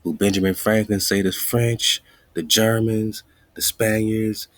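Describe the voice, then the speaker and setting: A man hosting a radio show, thinking aloud as he looks up words, muttering and whispering asides to himself and reading quoted lines slowly. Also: fairly low pitch, little pitch movement, fairly bright tone, no echo. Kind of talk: casual research talk, looking up words live.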